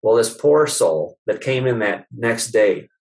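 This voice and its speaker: A man's voice: mid-range voice, unhurried. A middle-aged chiropractor being interviewed, telling anecdotes casually, acting out the dialogue he quotes and joking with some mild swearing. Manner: lively anecdotal storyteller, acts out the dialogue he quotes; swears casually and laughs at his own stories. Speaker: chiropractor guest. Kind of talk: casual storytelling in a podcast interview.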